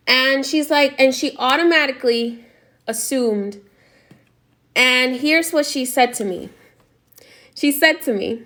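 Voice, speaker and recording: Chatty spiritual lady telling a story, kinda high voice, keeps saying okay?. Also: slow pace, long pauses, bright, forceful tone. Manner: chatty, frequent "okay?" check-ins. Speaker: spiritual teacher. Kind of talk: casual storytelling monologue.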